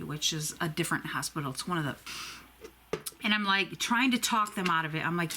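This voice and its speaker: A woman's voice: low voice, fairly quick, sharp tone, a little hiss or hum. A woman in her forties telling a long rambling story while doing her makeup, chatty and swearing freely. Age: 40s. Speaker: beauty vlogger.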